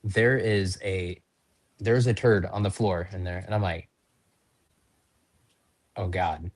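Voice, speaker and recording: Man, fairly low voice, casual, rambling, self-deprecating, interview guest. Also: unhurried. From North Dakota. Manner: rambling, chatty, self-deprecating, lots of ums and likes. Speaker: pro wrestler, podcast guest.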